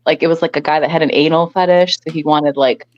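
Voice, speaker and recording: A woman's voice: low-pitched, steady tone, fast, darkish tone, dull audio, slight background noise. A young woman with a rural upstate New York accent, chatting as an interview guest and laughing often between sentences. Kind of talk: casual interview chat.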